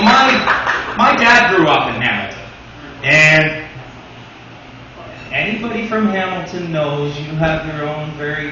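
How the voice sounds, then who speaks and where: A man's voice: fairly high pitch, heavy reverb, recorded from a distance, dull audio, noisy background. A man doing a stand-up comedy routine, saying "you know" often, recorded from afar in a small club. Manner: says "you know" a lot.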